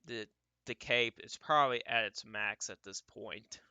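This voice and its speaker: A man giving casual live weather commentary as he tracks storms, thinking aloud in an unhurried way with frequent restarts. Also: on the low side, pushed and bright, smooth, no echo.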